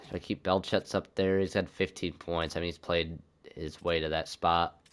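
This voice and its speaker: A man's voice: low voice, little pitch movement, moderate pace, smooth. A young man commenting on his own hockey video game season, thinking aloud and swearing when things go wrong. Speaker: gaming YouTuber.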